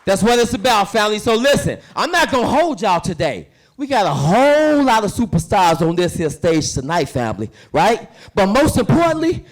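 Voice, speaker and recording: A man hosting an event on stage, hyping the audience with a rousing, preacher-like cadence. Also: sits high. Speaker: event host. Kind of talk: hype-man stage introduction. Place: large indoor stage, live audience.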